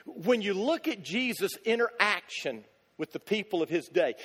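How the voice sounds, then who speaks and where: A man delivering a sermon in a high voice that rises and falls with lively swings. He presses his points with rhetorical questions and repeated lines, and his voice rings out with the long reverb of a church sanctuary. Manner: emphatic, builds with rhetorical questions and repetition. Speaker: pastor.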